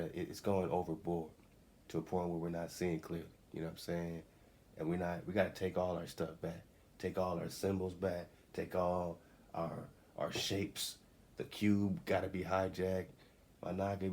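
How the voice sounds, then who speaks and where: A man's voice: sits low, darkish tone. A man hosting a radio show, giving a loose, slangy spiritual talk and repeating his phrases. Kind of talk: casual spiritual teaching talk. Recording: faint background noise.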